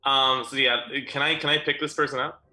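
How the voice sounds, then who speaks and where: A man chats casually as a player in a tabletop game, hesitant and rambling as he works out what to do. His voice is strikingly bright and sharp, at a middling pitch, coming over a video call. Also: fairly even intonation, a little fast. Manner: hesitant, full of fillers and restarts. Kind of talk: casual chat while playing a tabletop game.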